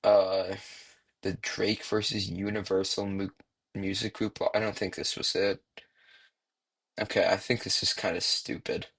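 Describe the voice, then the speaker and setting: Rambling, husky young man. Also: sits low, level tone, a little slow, long pauses, fairly bright tone. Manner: rambling, swears freely, frequent fillers. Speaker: commentary YouTuber. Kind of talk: casual commentary.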